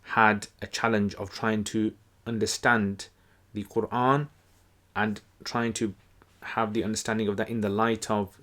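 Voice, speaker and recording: Low-voiced man teaching casually. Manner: relaxed, conversational, frequent fillers and restarts. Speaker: Quran teacher. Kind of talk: casual explanatory lesson.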